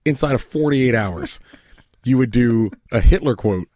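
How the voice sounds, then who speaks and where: A man's voice: medium pitch, lively intonation, unhurried, a little mellow, no echo, studio quality. A man in his thirties co-hosting a podcast, rambling and swearing, laughing often through crude banter. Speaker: podcast co-host.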